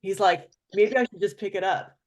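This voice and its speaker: A woman hosting a casual chat, telling a story with lively, acted-out quotes of other people. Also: mid-range voice, moderate pace. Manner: animated storyteller, acts out quoted voices. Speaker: host.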